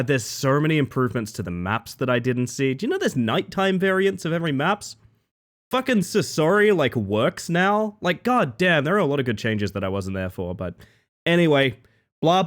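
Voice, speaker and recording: A man's voice: mid-range voice, fairly bright tone. A man chatting casually with his live-stream chat, rambling playfully and greeting viewers by name.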